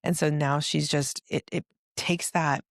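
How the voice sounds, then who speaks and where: Woman host chatting about faith, acts out quotes as she goes, a bit of vocal fry. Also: deep voice, measured pace, no echo, studio quality. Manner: animated storyteller, acts out quotes. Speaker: podcast host. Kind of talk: casual spiritual chat.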